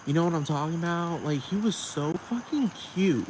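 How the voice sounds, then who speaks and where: A man's voice: on the high side, expressive, normal speed, darkish tone. A man ranting to camera in a sassy, heavily profane way and laughing often, outdoors at night. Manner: sassy, heavy swearing, frequent laughter. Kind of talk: casual profane rant to camera. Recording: noisy background with crickets.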